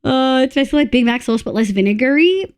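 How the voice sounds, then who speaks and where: An Australian woman chats casually with viewers while playing on a live stream, her high voice quick, smooth and lively in intonation. She counts aloud under her breath and swears freely.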